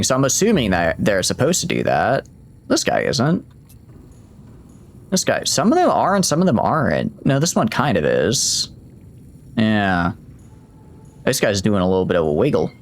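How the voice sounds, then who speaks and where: A man chatting casually while streaming a game, rambling and cutting himself off mid-thought. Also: mid-range voice. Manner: chatty, rambling, self-interrupting. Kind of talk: casual gameplay commentary.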